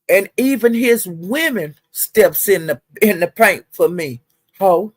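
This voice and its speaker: A woman's voice: mid-range voice, animated, takes it slowly, dry recording. A woman gossiping on a casual livestream, sassy and profane, with drawling "well, honey" asides. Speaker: livestream commentator.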